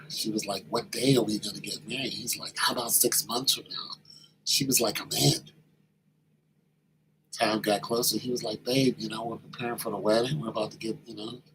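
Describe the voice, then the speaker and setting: A man telling a story in a casual monologue, animated and slangy, acting out the quoted voices. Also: lowish voice, background noise.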